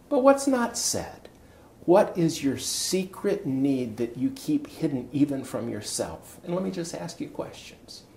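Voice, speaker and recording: A man in his sixties, a coach, telling a personal story in a conversation with big swings of pitch. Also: gravelly, a little mellow, a little hiss or hum. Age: 60s. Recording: echoey room with faint ambience.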